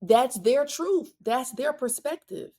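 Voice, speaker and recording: A woman hosting a solo parenting podcast, talking directly and bluntly to listeners, with quick asides and restarts. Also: high-pitched, expressive, warm tone, slightly rough. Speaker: podcast host.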